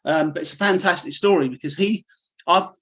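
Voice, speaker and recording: Speaking a little fast in a slightly high, fairly bright voice, a middle-aged British man who teaches martial arts recounts his life candidly in an interview. He rambles, with lots of fillers and restarts.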